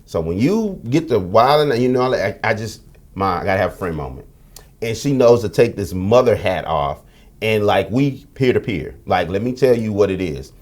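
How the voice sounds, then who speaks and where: This middle-aged podcast guest from the United States talks at a normal speed in an animated, low-leaning voice with a darkish tone. His frank storytelling in the candid interview is full of slang and profanity.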